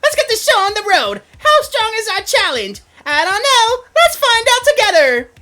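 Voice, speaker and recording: Man doing a shrill bubbly girl gym leader. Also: wildly swooping pitch, normal speed, sharp tone, exaggerated voice. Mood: teasing. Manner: shrill, sing-song hype, playful taunts. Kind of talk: reading game dialogue aloud.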